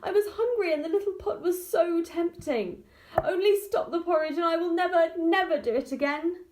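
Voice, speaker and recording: A woman voicing a flustered, greedy village mother in a storybook, crying out high and loud. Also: moderate pace, reverberant, a little hiss or hum. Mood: pleading.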